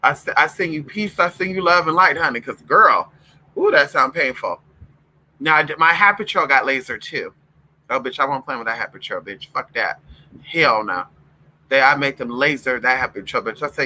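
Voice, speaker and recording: Sassy campy man with a bright voice. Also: medium pitch, normal speed, a little hiss or hum, rough recording. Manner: sassy, profane, campy, addresses viewers as girl and honey; animated, breaks off to talk to his dogs. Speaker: vlogger. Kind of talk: casual livestream chat.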